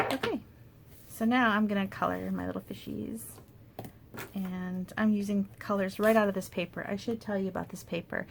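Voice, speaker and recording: A woman demonstrating paper crafts in a casual tutorial, chatty and thinking aloud with soft asides under her breath. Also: medium pitch, fairly even intonation, moderate pace, creaky, long pauses, a little hiss or hum.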